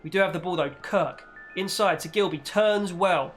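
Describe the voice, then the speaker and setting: A young gaming YouTuber commentates on his own football video game match at a moderate pace, with faint music behind him. He chats with viewers, calling them "guys" and "boys," and gets excitable on goals, shouting and leaping up in pitch when his team scores.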